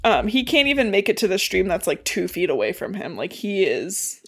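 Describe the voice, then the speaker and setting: A woman's voice: mid-range voice, sing-song, brisk, husky. A woman co-hosting a podcast, casually recapping a book chapter with lots of fillers and swearing. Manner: chatty, swears freely, lots of "like" and "um".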